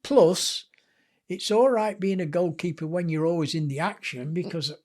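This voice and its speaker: Speaking at a moderate pace in a voice that sits high, an older Lancashire man shares anecdotes as a guest author on a podcast. He's chatty and animated, often poking fun at himself.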